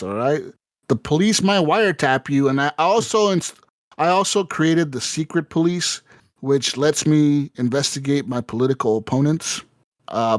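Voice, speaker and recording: A man's voice: medium pitch, dry recording, clean studio sound. A man co-hosting a casual gaming podcast, telling a rambling, profane story with lots of fillers and acted-out quotes. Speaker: podcast co-host.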